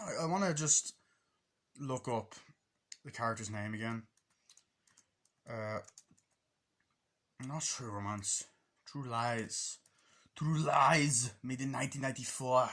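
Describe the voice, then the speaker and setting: A man's voice: fairly bright tone, breathy edge. Casual swearing young man retelling a film. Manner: swears a lot, acts out film quotes in a higher voice. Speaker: movie reviewer.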